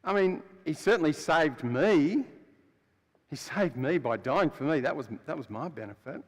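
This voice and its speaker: During a church sermon with long hall reverb, a man speaks in the first person as Barabbas, a blunt, rough adult man freed from prison. He tells the story chattily, moving between loud and hushed, in a natural, expressive voice that sits on the high side at normal speed.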